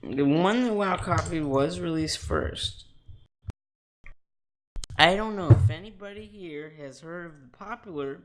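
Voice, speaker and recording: A man's voice: on the high side, unhurried. A teenage boy co-hosting a goofy amateur podcast, rambling and joking through his lines. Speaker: podcast co-host.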